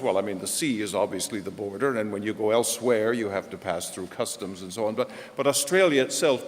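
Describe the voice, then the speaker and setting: A male pastor preaching a sermon, telling stories with self-deprecating humor. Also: mid-range voice. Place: large church. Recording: echoey church hall.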